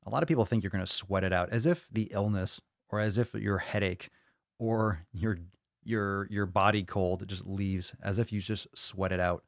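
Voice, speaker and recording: A low-voiced American man hosts a casual live-streamed podcast, loose and profane. He repeats himself often and speaks with hype. The sound is close and dry. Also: normal speed, creaky, no room sound. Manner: profane, hyped, repeats phrases. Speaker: podcast host.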